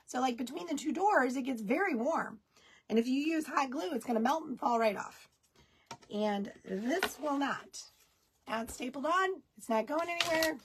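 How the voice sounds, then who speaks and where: A woman's voice: high voice, slightly rough. A woman hosting a live craft tutorial, chatting folksily with viewers as she works. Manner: baby talk to her dogs. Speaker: craft kit host.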